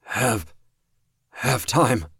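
A man's voice: sits low, drawn-out words, husky, dry recording, clean studio sound, exaggerated voice. A man voicing a badly wounded male superhero who forces out short, broken phrases through grunts and strain. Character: grievously wounded male superhero, gasping and defiant.

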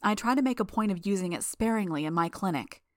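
A woman's voice: mid-range voice, lively intonation, quick pace, no room sound, studio quality, close to an everyday voice. A woman voicing a stern, disapproving clinic doctor in her fifties, speaking curtly in an audiobook reading. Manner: curt, disapproving.

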